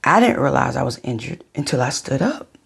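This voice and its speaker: A middle-aged woman vlogging, telling her viewers a personal story in a chatty, unhurried way. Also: rumbling low, vocal fry, breathy edge.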